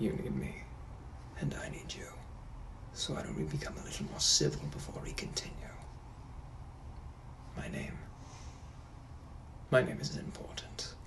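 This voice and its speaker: Guy doing a british gentleman from the 1800s, whispered role-play, gravelly low purr, creepy and smooth. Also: sing-song, unhurried, pauses often, exaggerated voice. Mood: seductive. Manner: purring, teasing, menacing. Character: suave menacing 1800s British gentleman, male.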